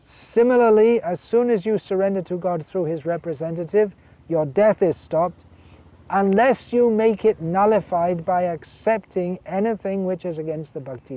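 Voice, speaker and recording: A man's voice: on the high side, warm tone. A man giving a scripture lecture as a monk, earnest and emphatic, repeating key words and reading out quotations. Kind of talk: sermon.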